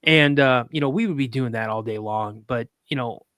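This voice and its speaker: A man tells a long story in loose, casual talk, stumbling through restarts and fillers as he goes. His voice sits at an ordinary middle pitch. The recording is close and dry, with almost no room sound. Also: moderate pace, fairly bright tone, smooth, no echo. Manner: rambling, with many restarts and fillers; acts out other people's lines in a raised voice. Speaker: podcast guest.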